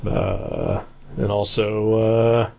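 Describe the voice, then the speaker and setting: A man's voice: lowish voice, wildly swooping pitch, takes it slowly, gravelly, darkish tone, highs cut off. A man co-hosting a casual comics podcast, talking in a rambling, hesitant way with many fillers. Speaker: podcast co-host.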